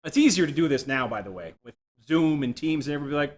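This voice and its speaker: A man giving a software development talk, telling self-deprecating stories with jokes. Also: a little high, animated, quick pace. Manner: self-deprecating, jokey storytelling. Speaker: conference speaker. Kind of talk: tech talk with anecdotes. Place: room without a live audience.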